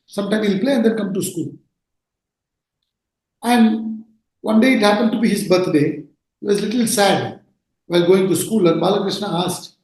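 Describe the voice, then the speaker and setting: Echoey, high-voiced male teacher. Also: normal speed, long pauses, darkish tone. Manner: earnest, rhetorical questions, emphatic repetition. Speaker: spiritual teacher. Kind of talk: scripture discourse with storytelling. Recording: very echoey room.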